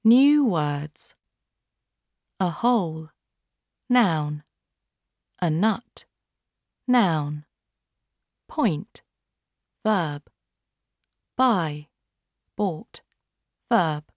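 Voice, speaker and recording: A woman reading a simple storybook aloud for learners, with clear, deliberate delivery. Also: fairly low pitch, lively intonation, a little mellow, dry recording, studio quality. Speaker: audiobook reader. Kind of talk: graded-reader storybook narration.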